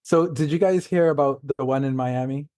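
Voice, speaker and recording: A man from New York City, a guest author, chatting casually in a halting, loose storytelling way. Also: mid-range voice, darkish tone, no room sound. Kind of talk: casual conversational chat.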